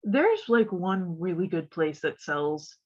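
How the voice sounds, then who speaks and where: Low-voiced stuffed-up woman, lo-fi audio. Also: sing-song, slow. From West Virginia. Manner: chatty, laughs often, rambling. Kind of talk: casual stream chat. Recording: dull lo-fi audio.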